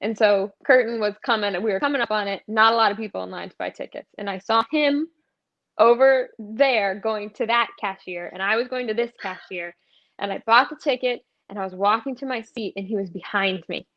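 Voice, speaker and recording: A woman's voice: medium pitch, brisk. A woman guest on a video call, telling stories in a chatty, self-mocking way. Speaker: touring musical theatre performer, guest. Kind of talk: casual chat. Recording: dull lo-fi livestream audio.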